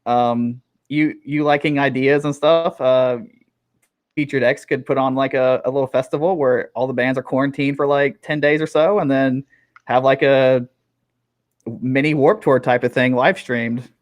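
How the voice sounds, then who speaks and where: A man's voice: medium pitch, steady tone, normal speed. Laughing, encouraging male interviewer. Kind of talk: casual interview chat.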